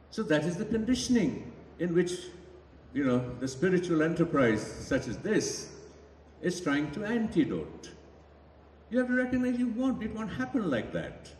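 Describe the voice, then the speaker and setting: A man from India answering audience questions at a summit in a reflective, anecdotal manner. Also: a little high. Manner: reflective, anecdotal, lively delivery. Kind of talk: public talk Q&A. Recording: echoey hall from far off, faint noise.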